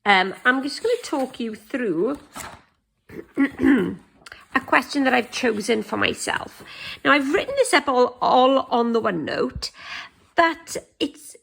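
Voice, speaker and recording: A woman's voice: sits high, lively intonation, slow, creaky, fairly bright tone, breathy edge. A woman teacher, giving a recorded lesson on essay writing in a chatty way, thinking aloud and often restarting her sentences. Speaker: English teacher.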